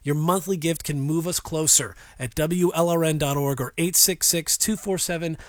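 A male radio host making an earnest, steady pledge drive appeal. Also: fairly high pitch, moderate pace, dry recording. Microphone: studio mic.

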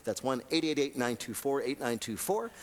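A man's voice: medium pitch, lively intonation, normal speed, long reverb tail, a little hiss or hum. A man hosting a radio comedy quiz, joking as he reads news setups and punchlines. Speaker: quiz show host.

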